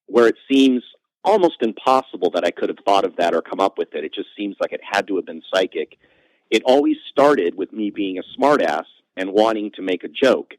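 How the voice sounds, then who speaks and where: A man with a fairly low voice, recorded close and dry with almost no room sound. He tells self-mocking stories as a podcast guest, jumping up in pitch when the punchline lands. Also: no echo, rough recording. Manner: animated, self-mocking anecdotes with quick pitch jumps. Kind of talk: conversational storytelling.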